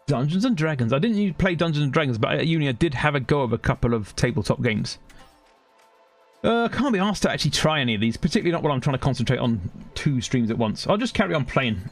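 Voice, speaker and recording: Soft background music plays as this British streamer, a fast-talking man with a London accent, chatters to his audience mid-game. His fairly high voice is very animated, and he rambles across one topic after another.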